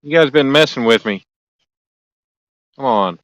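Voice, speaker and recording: A man's voice: mid-range voice, expressive, measured pace, fairly bright tone, no room sound, rough recording. A man hosting a casual live stream outdoors by a lake at night, chatting easily and joking as he reads and answers viewer comments aloud. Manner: joking, easygoing. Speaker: livestream host.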